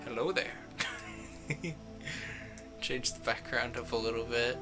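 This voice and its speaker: Guy chatting slowly over game music while he builds a character, keeps laughing at himself. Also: medium pitch, steady tone. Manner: rambling, chuckling at his own jokes. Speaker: streamer. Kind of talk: casual gameplay commentary.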